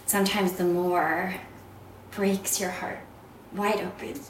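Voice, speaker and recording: A woman sharing a personal story of faith in an unhurried, soft voice that often trails into a whisper. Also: lowish voice, fairly even intonation. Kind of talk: personal testimony talk. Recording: echoey room, voice from far off, background noise.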